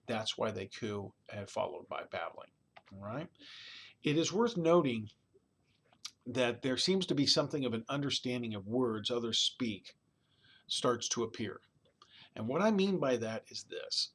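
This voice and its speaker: A man's voice: medium pitch, animated, unhurried, a bit bright, husky. Man lecturing with frequent "all right?". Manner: conversational, checks in with frequent "all right?" and "okay?"; demonstrates baby babbling sounds. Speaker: college lecturer. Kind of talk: recorded lecture.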